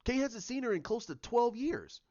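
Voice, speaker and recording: A man's voice: extremely high pitch, moderate pace, no echo. Guy ranting about a tv show, voice jumps all over, kinda muffled lo-fi sound. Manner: animated, repeats himself, many restarts. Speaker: TV commentator. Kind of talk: ranting commentary.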